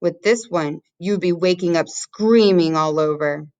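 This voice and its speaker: A woman's voice: on the low side, unhurried, darkish tone, highs cut off, lightly acted. A woman voicing a big friendly male giant who talks in garbled grammar and odd invented words. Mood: grim. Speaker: teacher reading aloud.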